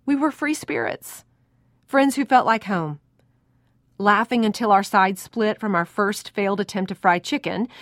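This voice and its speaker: A woman in her thirties, narrating her own memoir in a reflective, measured way. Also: medium pitch, dry recording, clean studio sound. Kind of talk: reading a personal memoir aloud.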